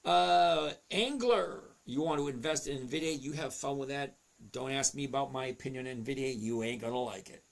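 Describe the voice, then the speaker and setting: Gravelly chatty man hosting a stream. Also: mid-range voice, moderate pace. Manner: chatty, reads chat names aloud, talks to himself over charts. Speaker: livestream host answering chat. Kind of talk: casual livestream chat.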